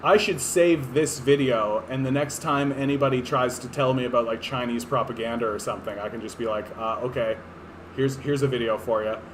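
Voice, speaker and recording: Over a noisy background, a political streamer talks briskly in a mid-range voice with fairly even intonation. He's a Canadian man in his thirties giving rambling, sarcastic, profane commentary on political clips, full of fillers and false starts.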